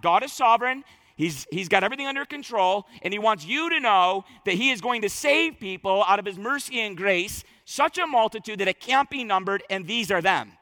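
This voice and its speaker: A male pastor preaching with a high, bright, ringing voice and an emphatic, fervent delivery that doubles words as he launches each phrase. The voice sits close and dry, with a long reverb tail like a large hall. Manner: emphatic, repeats words when starting phrases. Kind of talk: sermon.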